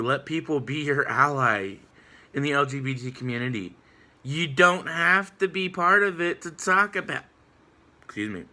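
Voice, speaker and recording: A man's voice: mid-range voice, sharp tone. A man ranting casually in a response vlog, rambling with lots of fillers. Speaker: vlogger.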